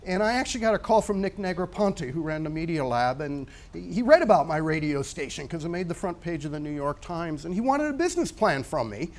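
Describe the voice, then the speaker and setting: Older male speaker in his sixties, slightly high voice, chatty anecdotal delivery. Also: very animated, brisk, few pauses. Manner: anecdotal, conversational with frequent fillers. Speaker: guest speaker. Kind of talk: storytelling talk.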